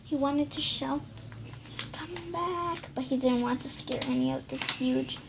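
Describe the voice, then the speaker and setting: A woman reading a children's book aloud, stumbling and restarting now and then, in a creaky voice over steady background noise. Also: high-pitched, moderate pace. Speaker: reader.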